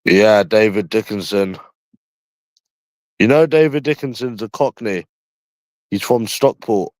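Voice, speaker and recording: Casting: young London man, lowish voice, dry close sound, blunt and profane livestream chatter. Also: expressive, measured pace, darkish tone, no echo. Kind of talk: casual livestream chat.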